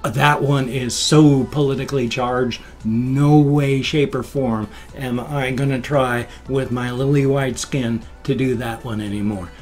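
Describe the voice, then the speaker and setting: A man's voice: medium pitch, fairly even intonation, measured pace, few pauses, soft background music. A middle-aged man chatting casually in his daily home vlog, rambling from one topic to the next. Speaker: vlogger.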